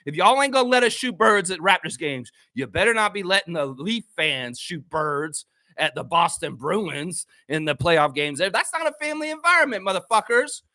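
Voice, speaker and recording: A man's voice: on the high side, lively intonation, normal speed, pushed and bright, dry recording. A man hosting a live basketball fan stream, ranting in a mocking, profane way and reading chat comments aloud. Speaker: host of a fan livestream. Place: friend's home.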